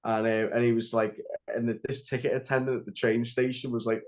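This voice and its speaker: A man's voice: mid-range voice, flat delivery, a little fast. A young man recounts events in a loose, rambling way. He fills his speech with "like" and keeps restarting his sentences. His voice sits in a middling register, and the recording is slightly dull and lo-fi. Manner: rambling, heavy use of "like" and restarts. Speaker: podcast guest. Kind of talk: casual storytelling interview.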